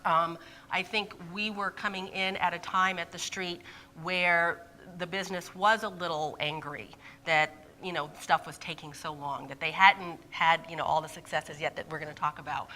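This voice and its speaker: An expressive woman gives a conference talk, animated and quick to laugh. Her voice is bright and clear but sits on the low side. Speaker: conference presenter.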